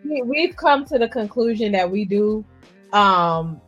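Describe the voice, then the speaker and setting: A woman's voice: medium pitch, unhurried, husky, muffled recording, faint music behind. A woman co-hosting a casual chat podcast, teasing her friend and acting out text exchanges. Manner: lively, teasing storyteller who acts out texts. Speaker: podcast co-host.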